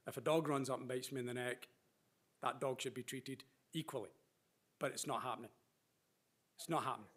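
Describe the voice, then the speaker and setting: A man speaks up during public comment, earnest and rambling. His voice sits at an ordinary middle pitch. He apologizes for going on too long. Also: fairly even intonation, a little fast, long pauses, fairly bright tone. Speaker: member of the public.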